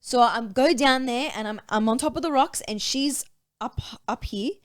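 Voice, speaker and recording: A woman telling a story in a casual podcast chat, lively and acting out the quotes. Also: high voice, normal speed. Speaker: podcast guest.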